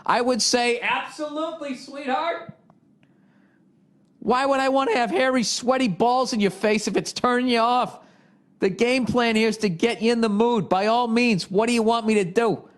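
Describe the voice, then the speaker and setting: A man's voice: very high voice, fairly even intonation, normal speed. A man hosting a podcast, reading listener questions aloud and riffing on them in a profane, exasperated comedic rant. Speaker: podcast host. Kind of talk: ranting comedic monologue.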